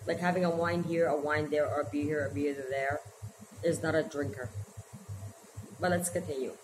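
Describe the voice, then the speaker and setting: A woman in her forties telling her life story to camera, halting and emotional as she holds back tears. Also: low-pitched, fairly even intonation. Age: 40s. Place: her small shop by the ocean, indoors. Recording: echoey room with background noise.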